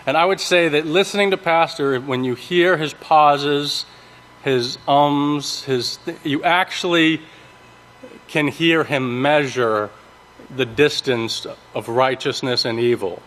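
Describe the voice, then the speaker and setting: A man giving a sermon, teaching from scripture in a halting way with many ums, restarts and checks of "okay?". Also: on the high side, fairly bright tone. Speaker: preacher. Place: large worship hall. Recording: long reverb of a large hall.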